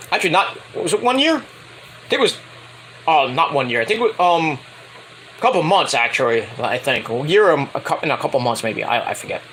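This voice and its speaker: A man giving a rambling, casual spoken review of a wrestling show, excitable and swearing freely. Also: a little high, slight background noise, rough recording.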